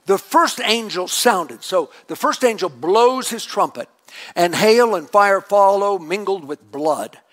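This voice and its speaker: A middle-aged man preaching a sermon as lead pastor, animated and acting out a furious prayer in a raised voice. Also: sits high, measured pace.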